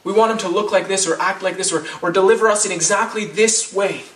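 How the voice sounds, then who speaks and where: A man's voice: high voice, fast, fairly bright tone, reverberant, recorded from a distance. A man in his thirties preaching a sermon as pastor, conversational, with frequent restarts and rhetorical questions.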